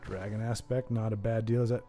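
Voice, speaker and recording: A man's voice: fairly low pitch, level tone, brisk. Chatty, self-mocking male stream host. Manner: rambling, self-mocking, jokey chat with viewers. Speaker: stream host and match commentator. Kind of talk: casual live-stream commentary. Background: background music.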